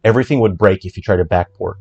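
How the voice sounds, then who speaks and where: A man, an indie game developer, talking through his code in a casual walkthrough, chatty and joking with quick asides. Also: deep voice, darkish tone, slightly rough, muffled recording. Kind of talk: casual livestream coding walkthrough.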